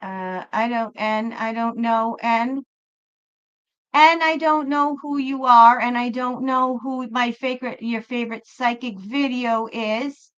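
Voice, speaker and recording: A woman's voice: on the high side, takes it slowly, fairly bright tone, smooth, dull audio. A woman hosting a live tarot stream, rambling chattily and talking straight to viewers in the chat.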